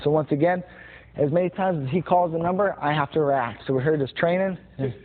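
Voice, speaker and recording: A man's voice: fairly high pitch, fairly quick. A man teaching boxing combinations, talking plainly and repeating punch sounds as he demonstrates. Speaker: boxing instructor. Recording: tinny phone-like sound with noise.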